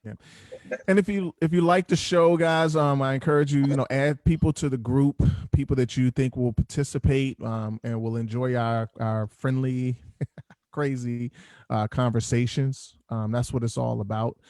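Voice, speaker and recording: A man hosting a group video call, joking and chatty from a dark room at home. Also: mid-range voice, fairly even intonation, normal speed, no echo, studio quality. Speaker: host. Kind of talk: casual video call chat. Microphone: headphones on a video call.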